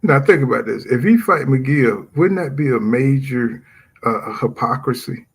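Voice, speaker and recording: Husky-voiced man ranting about boxing. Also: medium pitch, a little slow. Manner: animated, reads viewer comments aloud. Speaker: boxing podcast host. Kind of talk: casual chat.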